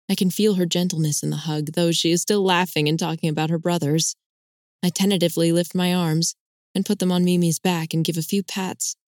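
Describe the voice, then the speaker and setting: A woman narrating a first-person novel at a measured, even pace. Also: on the low side, dry recording, studio quality. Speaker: audiobook narrator.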